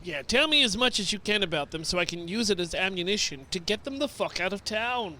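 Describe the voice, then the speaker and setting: High, lively-voiced man playing a game. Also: a little fast, slight background noise. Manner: animated, joking. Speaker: player. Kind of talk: casual tabletop play.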